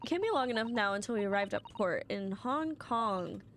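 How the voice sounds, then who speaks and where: A woman's voice: medium pitch, expressive, moderate pace, fairly bright tone, slight background noise. A woman voicing a polite, earnest young female assistant while reading game dialogue aloud. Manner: formal and earnest.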